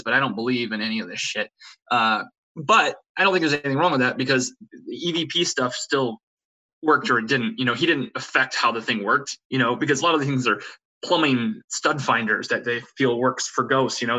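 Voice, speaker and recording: A young man with a bright, forward voice tells a spooky story in relaxed chat. He wanders through it with lots of fillers and restarts. He slips into the voices of the people he quotes. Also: medium pitch, poor audio. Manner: rambling, frequent fillers and restarts, acts out quotes. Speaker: podcast guest telling ghost stories. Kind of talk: casual storytelling conversation.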